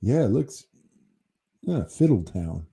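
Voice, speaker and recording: Slow, husky American man chatting. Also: medium pitch, very animated, warm tone. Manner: rambling, easygoing, swears casually. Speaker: channel host reading chat. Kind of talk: casual livestream chat.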